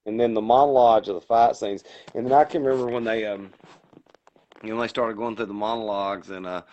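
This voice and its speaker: A man with a Boston accent, co-hosting a podcast, telling movie scenes in a casual, animated way. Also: fairly low pitch, brisk. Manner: animated storyteller acting out quotes. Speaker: podcast co-host. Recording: dull lo-fi sound.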